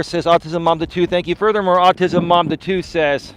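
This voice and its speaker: A man's voice: high voice, fairly even intonation, moderate pace, hardly any pauses, fairly bright tone. A middle-aged man hosting a live coaching stream, chatting casually and telling rambling, profane stories. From Greek-American community. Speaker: life coach, live show host.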